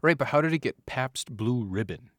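Lively man tossing out jokes. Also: mid-range voice, dry recording. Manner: teasing, quick deadpan jokes. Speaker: podcast co-host. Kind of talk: casual comedic chat.

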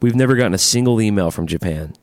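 A man's voice: fairly low pitch, expressive, quick pace, darkish tone, no echo, studio quality. A man co-hosting a casual music podcast, enthusiastic and jokey, reading listener emails. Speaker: podcast co-host.

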